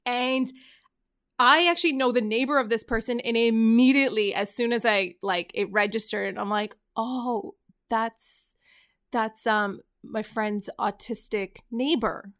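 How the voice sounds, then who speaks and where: A woman's voice: fairly high pitch, unhurried, a bit bright, smooth. A woman in her thirties telling a story in casual chat, earnest and rambling, often restarting her sentences. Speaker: podcast host.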